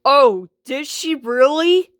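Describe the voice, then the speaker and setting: An exasperated, sensible washing machine, voiced by a woman, sighing and dry in her sarcasm, speaking slowly in a fairly high voice. The recording is close and dry. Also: lively intonation, no room sound. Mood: sarcastic. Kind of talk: homemade skit voice acting.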